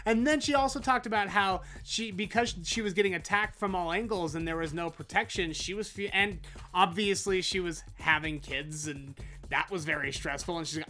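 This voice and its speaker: A woman's voice: fairly low pitch, normal speed, a bit bright. A woman hosting a comedy news show, ranting sarcastically and mocking the people in the stories.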